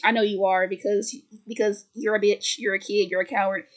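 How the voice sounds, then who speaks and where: A woman putting on the voice of a cruel male cult leader who makes low, quiet threats. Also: flat delivery, a little fast, lightly acted. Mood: menacing.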